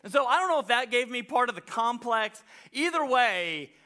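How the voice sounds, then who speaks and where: High, bright-voiced man preaching. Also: moderate pace. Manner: animated, self-deprecating storyteller, many "like" fillers. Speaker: pastor. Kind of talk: conversational sermon storytelling.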